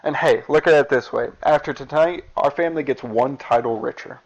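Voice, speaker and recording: A man's voice: medium pitch, a little fast, lightly acted. A man voicing a fiery male wrestler who bluntly demands his title back. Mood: firm. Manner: blunt, challenging. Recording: dull lo-fi recording.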